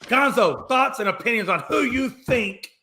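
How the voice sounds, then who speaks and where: High bright-voiced man ranting about sports. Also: moderate pace, a little hiss or hum. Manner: animated, profane, repeats himself for emphasis. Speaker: sports show co-host. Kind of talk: loud casual sports talk.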